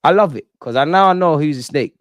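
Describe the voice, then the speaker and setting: A young man hosting a live football reaction stream, excitable and slangy, swearing and reading chat aloud. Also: on the high side, a little fast, dry recording, studio quality. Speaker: football fan channel host.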